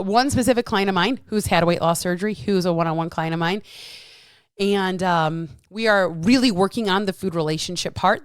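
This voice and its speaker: A woman's voice: lowish voice, dry recording, clean studio sound. A woman, a fitness coach hosting a solo podcast, talking bluntly with lots of swearing and emphatic repeats. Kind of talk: casual solo podcast talk.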